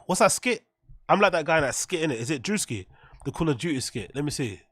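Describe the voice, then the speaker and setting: A man's voice: fairly high pitch, big pitch swings, quick pace, a bit bright, husky, no room sound, clean studio sound. A man hosting a livestream, rambling and swearing casually as he talks to his viewers. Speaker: streamer host.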